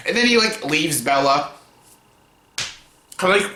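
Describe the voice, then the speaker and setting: Young man, bright voice, echoey room, casual ranting review, mocking, lots of swearing. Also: a little high, unhurried. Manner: exasperated, mocking, swears a lot, breaks into laughter. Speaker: YouTuber reviewing films.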